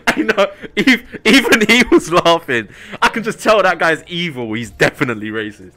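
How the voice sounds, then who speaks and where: A young man streaming a fighting game, trash-talking his opponent in a loud, taunting, mock-dramatic way. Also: a little high, lively intonation, moderate pace.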